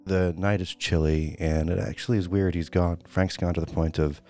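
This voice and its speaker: A man's voice: low voice, steady tone, warm tone, soft background music. A man narrating and playing characters in a tabletop role-playing game, rambling with many fillers. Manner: rambling, fillers, switches into quick character voices. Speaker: player and narrator.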